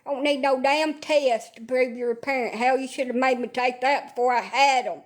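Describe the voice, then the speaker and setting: A woman with a high voice and fairly even intonation livestreams at a moderate pace from bed at home. Her casual rambling is blunt, sarcastic and loaded with swearing.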